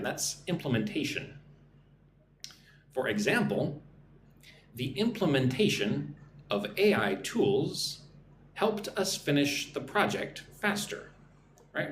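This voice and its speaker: An American man teaching business English on a live stream, speaking slowly and clearly and often checking in with "right?". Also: medium pitch, very animated, echoey room, a little hiss or hum. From United States.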